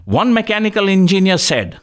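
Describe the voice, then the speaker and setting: Quick and high-pitched, this middle-aged healthcare talk show host spins anecdotes and jokes, animatedly performing the voices of the people he quotes.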